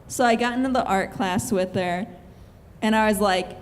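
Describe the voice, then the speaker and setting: A woman's voice: medium pitch, moderate pace. A young woman telling a true-life story on stage, chatty and giggly, with lots of filler words. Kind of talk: live comic storytelling. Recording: hall reverb, faint room noise.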